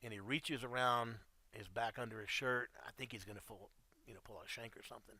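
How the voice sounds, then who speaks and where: A middle-aged man recounts his past in a loose, storytelling manner, swearing freely and calling the listener dude. His voice is forceful and bright, set close and dry with almost no room around it. He sits at an ordinary middle pitch for a man. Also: fairly even intonation, fairly quick, no room sound. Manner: blunt and profane, addresses listener as dude. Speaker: guest telling his life story. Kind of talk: casual storytelling.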